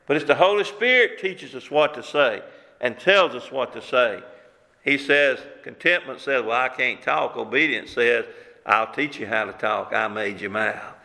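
With a creaky, medium-pitched voice that comes across pushed and bright, a pastor delivers a sermon at normal speed. He lets his voice climb and fall for emphasis and repeats words when he gets worked up; the sound carries hall reverb.

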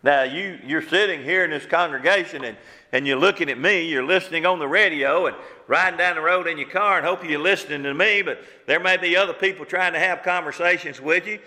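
A man's voice: on the high side, fairly quick, sharp tone, big-room sound. A man preaching a sermon to his congregation in a church, fervent and full of repeated rhetorical questions. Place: church sanctuary.

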